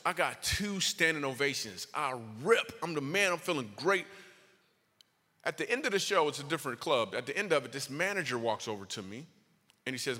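Bright-voiced male comedian in a hall. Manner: animated, jumps high in pitch for punchlines. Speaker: stand-up comedian. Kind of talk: stand-up storytelling. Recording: long reverb of a hall.

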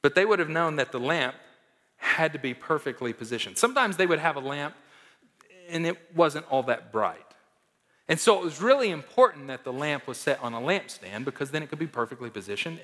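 A man's voice: medium pitch, expressive, normal speed. Emphatic male pastor in a reverberant hall. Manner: emphatic, swings between loud stresses and soft drops. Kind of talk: sermon. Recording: long reverb of a large hall.

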